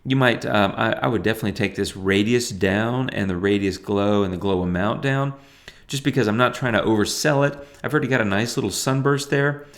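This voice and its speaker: A middle-aged man explaining his photo editing steps in a relaxed, thinking-aloud way, with fillers and restarts. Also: fairly low pitch, fairly quick. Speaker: photography tutor. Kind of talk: screen-recorded editing tutorial.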